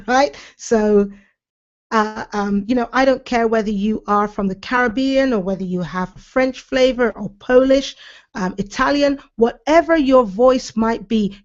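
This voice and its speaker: A woman's voice: fairly high pitch, a little mellow. A woman hosting her own show as a speaking coach, giving a passionate, emphatic motivational talk. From Britain. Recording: slightly dull lo-fi audio.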